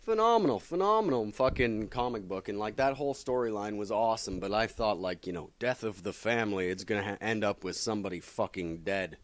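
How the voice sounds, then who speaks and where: Profane, rambling man with a low voice. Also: fairly quick, hardly any pauses, dry recording. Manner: profane, rambling, animated, many fillers. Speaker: comics vlogger. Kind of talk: casual comic book review chat.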